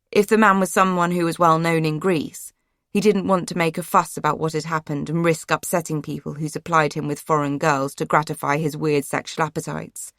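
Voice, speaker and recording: Low, subdued woman narrating a memoir. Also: a bit bright, dry recording, studio quality. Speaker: audiobook narrator. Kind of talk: first-person memoir narration.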